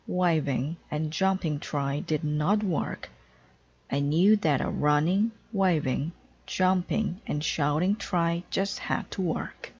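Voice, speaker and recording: A woman gives voice to a kindly male frog from a storybook, patient and gentle. He speaks low and slow, with a breathy edge, and the sound is dull and lo-fi. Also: heavily acted. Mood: pleased. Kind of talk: storybook read-aloud.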